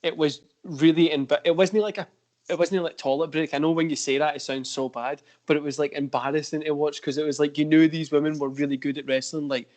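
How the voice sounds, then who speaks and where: A man's voice: fairly high pitch, fairly even intonation, brisk, darkish tone. A man hosting a casual podcast, talking in rambling sentences full of fillers. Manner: rambling, heavy use of fillers. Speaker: podcast host. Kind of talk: casual chat.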